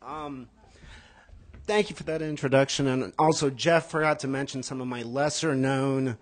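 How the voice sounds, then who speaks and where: A man's voice: medium pitch, steady tone, normal speed, a little hiss or hum. A man presenting award nominees on stage, with wry, dry humor.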